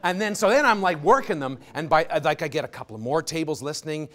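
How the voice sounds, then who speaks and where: A man's voice: fairly high pitch, expressive, quick pace, a bit bright. A middle-aged man telling a self-mocking stand-up story, acting out voices as he goes. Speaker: comedian.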